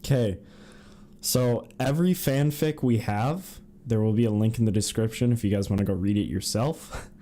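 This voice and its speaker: Podcast co-host, man, giggly rambler, mellow low tone. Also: moderate pace, a little hiss or hum. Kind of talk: casual chat, reading fanfiction aloud.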